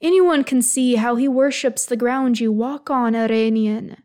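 Woman doing a stern elf lord, formal and measured, a bit high, fanfic reading. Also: dark tone, close to an everyday voice. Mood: firm, stern. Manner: measured, formal, firm then soothing. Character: older male elf lord, stern yet caring.

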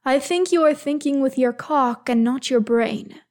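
A woman voicing a stern but caring older male elf lord, speaking formally and with measured firmness. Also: high voice, darkish tone. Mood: firm, stern. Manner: measured, formal, firm then soothing.

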